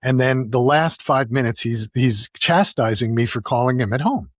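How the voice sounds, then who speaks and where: A male podcast host spins a story in an easy, conversational way, often doubling back mid-sentence. His voice sits at a middling pitch with a slightly husky grain. The sound is close and dry, with no room around it. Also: normal speed, dry recording. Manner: animated anecdote-telling with frequent restarts. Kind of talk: casual storytelling.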